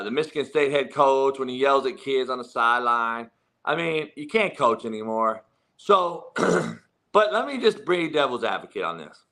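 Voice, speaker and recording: A man's voice: mid-range voice, pushed and bright. A middle-aged man hosting a sports talk show, blunt and profane, laughing often as he talks about coaching. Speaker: football coach and podcast host.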